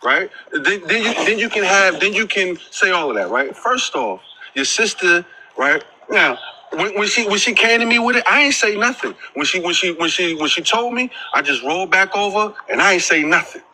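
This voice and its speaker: New guy getting defensive, stammers a lot, real bright sharp voice. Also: high-pitched, lively intonation, moderate pace, a little hiss or hum, rough recording. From New York. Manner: defensive, stammering, keeps saying hold on and right. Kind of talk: heated argument.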